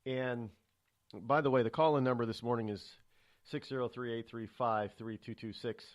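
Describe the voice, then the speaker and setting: A man's voice: medium pitch, fairly even intonation, normal speed. A man hosting a live morning call-in talk radio show, rambling with fillers and restarts as his anger shows. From New England, United States. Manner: chatty, then angry, with many fillers and restarts.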